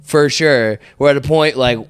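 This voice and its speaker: A man's voice: medium pitch, moderate pace, clean tone, no echo. A man casually telling a story on a podcast, rambling with lots of "like" and laughing as he goes. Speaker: podcast co-host.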